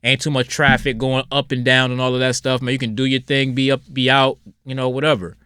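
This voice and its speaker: A man hosting a casual solo podcast, talking bluntly and rambling, with his voice swinging from loud outbursts to low mutters. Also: flat delivery, a little fast, clear, resonant tone, dry recording, clean studio sound. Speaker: podcast host.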